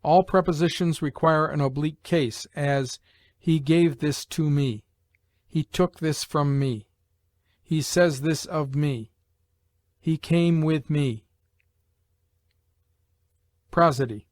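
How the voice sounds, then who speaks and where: A man reads an old grammar text aloud, taking it slowly with measured pauses between phrases. His voice sits a little high for a man. The recording is dry and close, with no room sound. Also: a little mellow, no room sound. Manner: slow, measured recitation with pauses. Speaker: reader.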